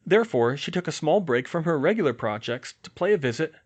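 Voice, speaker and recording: A man narrating a fan fiction audiobook in a steady, even storytelling manner. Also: on the high side, fast.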